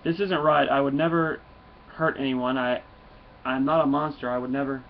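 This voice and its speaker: A man's voice: medium pitch, fairly even intonation, moderate pace, close to an everyday voice. A man voicing a drunken, boisterous male dragon in a comic book read-aloud, with dull lo-fi sound and faint noise. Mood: pleading.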